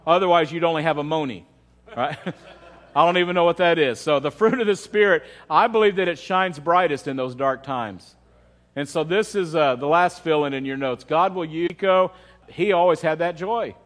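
A man's voice: a little high, normal speed. A pastor preaching a conversational sermon at a church service, often asking the audience questions and repeating words as he starts his sentences.

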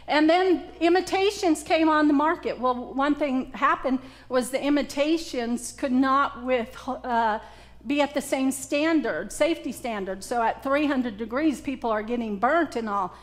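Brief: Southern US woman preacher, high voice, bantering with her congregation. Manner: joking, interactive with congregation. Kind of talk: conversational sermon.

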